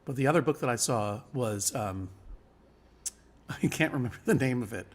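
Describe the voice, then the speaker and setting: A man in casual live conversation, spinning rambling, wry stories. His voice sits at an ordinary middle pitch, and he laughs often between his points. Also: animated, normal speed. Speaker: guest.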